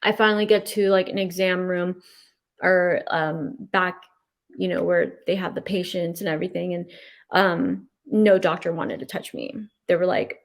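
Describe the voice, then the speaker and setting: A woman giving personal testimony in an interview, emotional and halting, with frequent restarts. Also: on the low side, fairly even intonation, creaky. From California. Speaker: interview guest.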